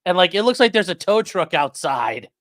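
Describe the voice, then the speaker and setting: Here a streamer talks at a moderate pace in a medium-pitched voice, the studio-quality sound free of echo. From home, they read out viewer comments, curse liberally, wander from topic to topic with lots of energy, and settle their dog between remarks.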